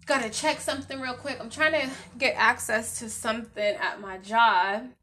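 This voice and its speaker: A woman's voice: fairly high pitch, fairly even intonation, normal speed, a little hiss or hum. A woman hosting her own faith podcast, talking casually to her listeners with a playful put-on country drawl, lots of y'all and laughter. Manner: chatty, laughing, loosely rambling; ends in a soft spoken prayer. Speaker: podcast host. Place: at her workplace.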